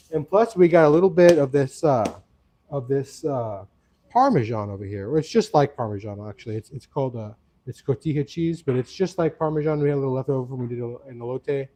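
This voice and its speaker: A man's voice: a little high, warm tone. Chatty, rambling cooking-stream man. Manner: rambling, chatty, addresses viewers as friends. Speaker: cooking livestream host. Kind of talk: casual cooking chat. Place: home kitchen.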